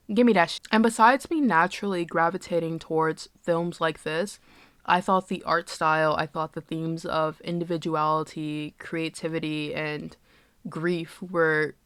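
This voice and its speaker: A woman's voice: on the low side, unhurried, fairly bright tone, dry recording. A woman giving casual movie reviews in a candid, joking, sarcastic way, with profane asides. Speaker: film reviewer.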